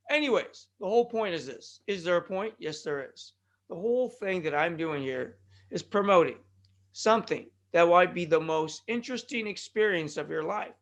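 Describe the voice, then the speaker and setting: High, bright-voiced rambling podcast host man. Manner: joking, self-deprecating, rambling with tongue-tied restarts. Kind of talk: rambling solo podcast monologue. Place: California.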